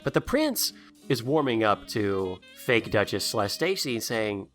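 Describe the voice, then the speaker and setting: Jokey podcast co-host with a lively voice. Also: male voice, fairly low pitch, unhurried, faint music behind. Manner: sarcastic, jokey, acts out characters in silly voices. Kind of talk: casual movie commentary chat.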